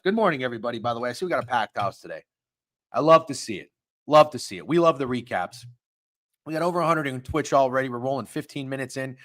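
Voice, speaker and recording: A man hosting a live sports stream, ranting with heavy profanity and sudden heated outbursts while reading chat. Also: a bit bright. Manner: profane, heated ranting with big pitch swings. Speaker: sports betting stream host.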